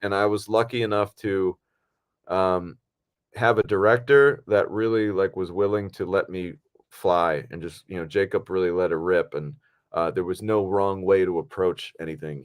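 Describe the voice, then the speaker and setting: A man's voice: low-pitched, fairly even intonation, moderate pace. A man chatting casually as a podcast co-host, easygoing and rambling with plenty of fillers. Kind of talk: casual film podcast chat.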